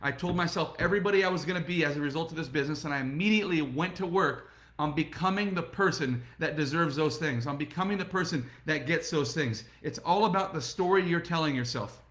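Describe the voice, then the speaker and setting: Fast-talking motivational man, echoey room. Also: on the high side. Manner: energetic, repetitive, addresses viewers directly. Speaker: network marketing motivational speaker. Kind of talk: motivational talk to camera.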